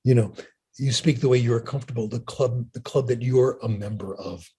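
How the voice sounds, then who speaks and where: Delivering a talk and taking questions from the audience, an older linguist speaks at a moderate pace in a mellow, mid-range voice with a slight roughness. He's conversational, tells stories, and frequently asks "okay?".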